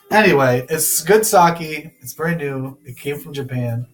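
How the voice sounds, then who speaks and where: A man's voice: on the high side, measured pace, hardly any pauses, soft background music. Chatty young man hosting a podcast. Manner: loose, rambling, laughs often. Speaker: podcast host. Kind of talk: casual chat.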